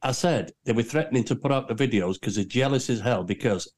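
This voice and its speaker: A man's voice: medium pitch, fast, darkish tone. A man co-hosting a satirical podcast chat, ranting brashly in mock outrage. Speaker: podcast co-host. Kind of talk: satirical pub-style chat.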